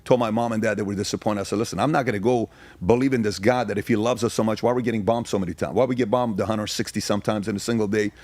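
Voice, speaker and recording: A man's voice: fairly low pitch, fairly even intonation, a little mellow, dry recording. Emphatic man talking, dry sound. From Iran. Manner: emphatic, rapid-fire repetition. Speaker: podcast guest. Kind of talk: casual storytelling.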